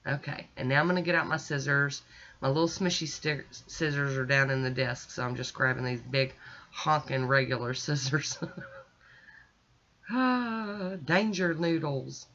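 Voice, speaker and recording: A woman's voice: rumbling low, steady tone, normal speed, fairly bright tone, muffled recording. A woman chatting casually as she narrates each step of her nail art, self-deprecating and easygoing. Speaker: nail art video creator.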